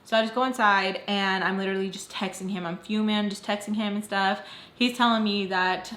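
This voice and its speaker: A young woman retelling a personal story in a casual, animated storytime vlog, acting out the quoted lines. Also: mid-range voice, brisk. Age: young adult. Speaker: storytime vlogger. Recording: roomy echo.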